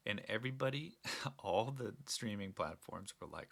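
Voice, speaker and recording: Guy rambling earnestly on his own show, kinda low voice but bright and sharp. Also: lively intonation, normal speed, gravelly. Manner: rambling, earnest, many restarts. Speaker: podcast host. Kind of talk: casual solo talk.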